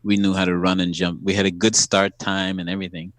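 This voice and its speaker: A man guest on a podcast, telling stories about his acting career in a calm, matter-of-fact way and laughing often. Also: deep voice, quick pace, dry recording. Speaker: actor guest. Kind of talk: casual anecdote telling.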